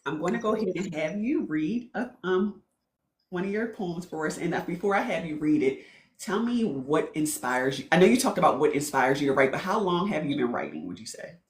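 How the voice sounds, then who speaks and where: A woman's voice: deep voice, expressive, brisk, slight background noise. A woman from Baltimore hosting a podcast, asking audience questions and affirming her guest's answers. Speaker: podcast host. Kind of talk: casual interview chat. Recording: roomy echo.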